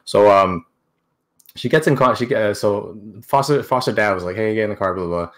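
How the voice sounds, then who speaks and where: Young man telling a story haltingly. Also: lowish voice. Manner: halting, many restarts and repeated words. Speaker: interview guest. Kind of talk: casual storytelling.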